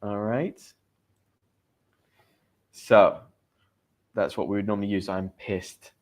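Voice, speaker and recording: A man's voice: on the low side, fairly even intonation, takes it slowly, darkish tone. A man with a British accent teaching English slang in a live stream, chatting with viewers and reading out their comments.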